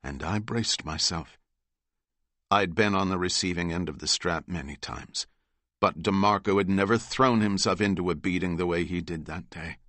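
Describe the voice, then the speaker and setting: A man narrating a novel in the first person, steady and measured. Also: sits low, dry recording. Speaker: audiobook narrator.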